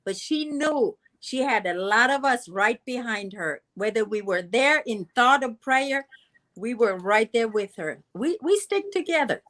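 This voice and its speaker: A woman's voice: on the high side, animated, measured pace, a bit bright. A woman guest in an interview, speaking emotionally and emphatically. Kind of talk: interview conversation.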